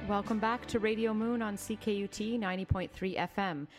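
A woman hosting a community radio show, introducing segments in a relaxed way with small fillers between remarks. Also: mid-range voice, a little fast, soft background music. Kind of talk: radio presenting.

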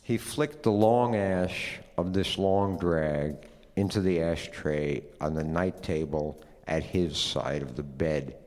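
Deep-voiced male narrator, measured and wry, long reverb. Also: darkish tone. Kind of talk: literary story reading.

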